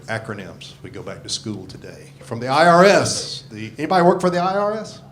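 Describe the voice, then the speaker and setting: A man's voice: mid-range voice, very animated, brisk. Crude grumpy stand-up man in his sixties. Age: 60s. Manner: crude, self-mocking, swearing freely. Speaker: stand-up comedian. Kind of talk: stand-up comedy set. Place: comedy club stage. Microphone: handheld stage mic. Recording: live club audio with crowd laughter. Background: audience laughing.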